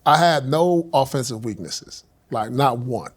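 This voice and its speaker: A man's voice: mid-range voice, expressive, a little slow, husky. A man talking as a guest in a casual interview, explaining his view earnestly with frequent restarts.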